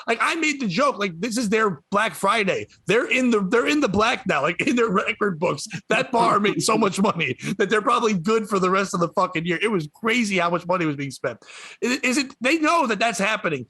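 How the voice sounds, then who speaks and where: A comedian telling a story on a podcast, swearing a lot and ranting with animated energy. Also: male voice, high-pitched, slightly rough, no echo. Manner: profane, animated rant.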